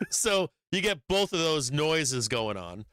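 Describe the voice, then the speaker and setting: A man with a bright, crisp voice giving casual live market commentary over charts. He talks bluntly and swears often. The recording is close and dry. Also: a little high, slow pace, no echo. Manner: profane, blunt, animated chart talk. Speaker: stock market stream host.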